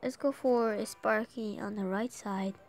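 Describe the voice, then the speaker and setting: A woman giving excited live gameplay commentary while she has a sore throat from an oncoming cold. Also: mid-range voice, measured pace, faint music behind. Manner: excitable, urging the game on aloud. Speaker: gamer.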